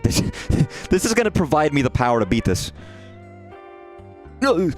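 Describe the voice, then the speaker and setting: Chatting casually while he streams a game, this man rambles and swears freely, sounding animated and profane. His voice sits on the high side and races along, with faint music behind him.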